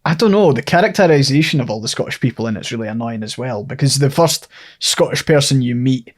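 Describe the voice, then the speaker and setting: A man's voice: medium pitch, lively intonation, quick pace. A man co-hosting a podcast, ranting sarcastically about a film and swearing freely. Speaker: podcast co-host. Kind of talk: casual chat, film review.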